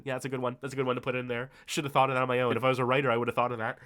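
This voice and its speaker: A man's voice: medium pitch, little pitch movement, a bit bright. A male stream host speaks in a loose, rambling way, swearing freely and stumbling through restarts. He sounds worn out and a bit emotional. His voice sits in the middle range for a man. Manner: heavy swearing, rambling, halting with many fillers. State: tired and emotional. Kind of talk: casual stream thank-you speech.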